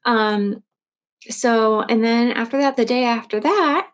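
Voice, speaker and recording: A woman's voice: fairly high pitch, takes it slowly. A woman casually retelling a true crime story, chatty, with lots of fillers and restarts.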